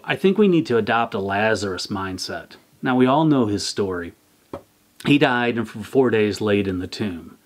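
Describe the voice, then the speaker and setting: A man with a fairly low voice reads an evening devotional from a script. He speaks as a church staff member, measured and earnest. His delivery is steady and sincere. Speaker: church communications director.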